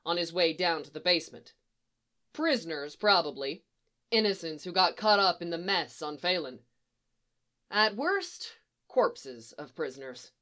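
Woman narrating a story, animated pitch. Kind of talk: storybook reading of fan fiction.

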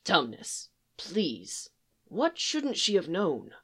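A kindly old male beaver, as a woman reads him in a storybook, speaks gently and soothingly, often in a breathy voice. His voice sits low and unhurried. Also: lively intonation. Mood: gentle. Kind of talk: storybook reading.

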